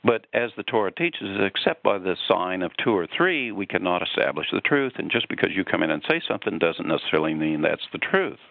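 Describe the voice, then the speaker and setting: A man's voice: low voice, big pitch swings, fairly quick, creaky, few pauses, no room sound, heavily acted. A man voicing a stern elderly chief rabbi who hands down formal rulings. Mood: solemn. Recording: tinny phone line.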